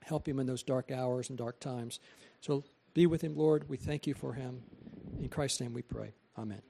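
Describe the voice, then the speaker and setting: A man praying aloud in church, earnest and halting. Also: mid-range voice, creaky, warm tone, slight background noise. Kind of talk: spoken prayer. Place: church hall.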